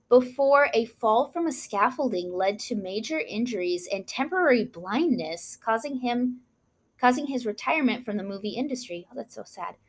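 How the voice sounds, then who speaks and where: A woman's voice: a little high, expressive, moderate pace. A woman co-hosting a casual chat, reading out history notes with frequent asides and apologies for mispronounced names. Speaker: podcast co-host.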